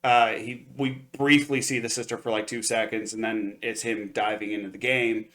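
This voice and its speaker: A man's voice: lowish voice, fairly even intonation, moderate pace, fairly bright tone. Guy going over an anime episode for a podcast, rambly, lots of likes and uhs. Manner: rambling recap with many fillers and restarts. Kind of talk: casual review chat.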